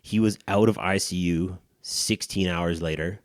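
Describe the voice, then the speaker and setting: A man in his thirties with a very low voice, telling a rambling story and poking fun at himself with crude jokes. It sounds like a dry, close recording with almost no room sound. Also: fairly even intonation, a little slow, no echo. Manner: rambling, self-mocking storyteller with crude humor. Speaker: podcast co-host. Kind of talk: casual storytelling chat.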